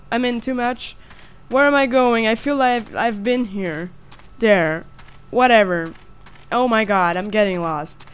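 High-voiced woman joking through a horror game. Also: smooth. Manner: jokey, swearing, shrieks when scared. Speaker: gameplay video host. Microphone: headset or desk mic.

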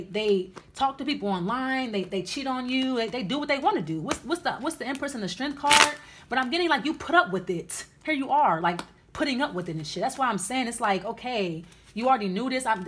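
A woman's voice: a little high, a bit bright, a little hiss or hum. A woman giving a casual tarot reading, blunt and chatty, with many fillers and restarts. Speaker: tarot reader.

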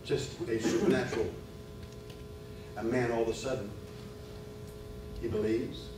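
A man's voice: mid-range voice, level tone, a little slow. Middle-aged man preaching a sermon, distant mic, big echo, music underneath. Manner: storytelling that builds to loud preaching. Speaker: retreat speaker. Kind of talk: sermon with a personal story. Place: church retreat hall. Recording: echoey hall, far from mic, music behind.

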